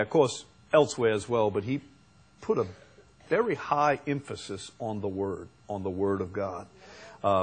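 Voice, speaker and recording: A man preaching a sermon as pastor, slow and unhurried, rising to emphatic peaks. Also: on the low side, slightly rough.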